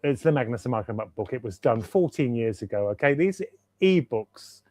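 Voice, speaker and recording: A man's voice: mid-range voice, lively intonation, moderate pace, a little mellow, no room sound. Enthusiastic man, rambling on a call. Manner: enthusiastic, rambling, repeats himself for emphasis. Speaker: guest author. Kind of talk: casual interview chat. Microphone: video call.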